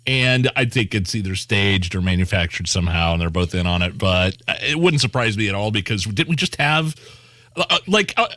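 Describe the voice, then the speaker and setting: A man with a Midwest American accent co-hosting a talk radio show, rambling and animated. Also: on the low side, normal speed, no echo. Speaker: radio co-host. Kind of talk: casual talk radio banter. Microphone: studio microphone.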